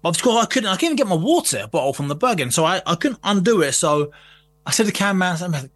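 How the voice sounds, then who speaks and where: A man's voice: high-pitched, sing-song, fast talker, a bit bright. A man telling a long sweary anecdote in casual conversation, laughing often. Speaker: podcast guest. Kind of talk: casual storytelling chat.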